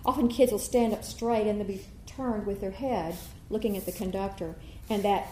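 A woman's voice: medium pitch, steady tone, normal speed, a little hiss or hum. Woman choir teacher in an echoey room. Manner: demonstrates warm-ups, sings vowels. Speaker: children's choir director. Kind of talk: teacher workshop demonstration. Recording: echoey room with faint ambience.

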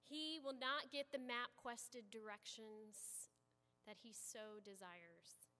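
Slow, bright woman preacher in a sanctuary. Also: a little high, in a large hall. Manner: animated storytelling, swings from loud to hushed. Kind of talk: sermon. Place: church sanctuary.

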